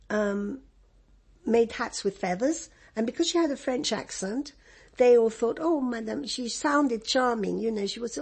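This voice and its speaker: A woman's voice: on the high side, breathy edge. An older woman from Egypt with an English accent, reminiscing in an interview, rambling and laughing often with many restarts.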